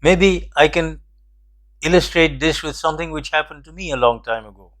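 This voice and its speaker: A somewhat high-pitched older man tells a story from his past. He speaks in a measured, reflective way and pauses to make his point. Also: a bit bright. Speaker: host. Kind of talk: storytelling commentary.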